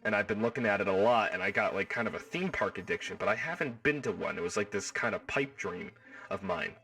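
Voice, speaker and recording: A man hosting a livestream, chatting casually with his viewers in an excitable, rambling way and riffing on the same joke over and over, his voice stuffed up and hoarse. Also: fairly low pitch, fast, distant mic, soft background music. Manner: excitable, rambling, riffs and repeats himself. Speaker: livestream host. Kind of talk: casual chat with live viewers.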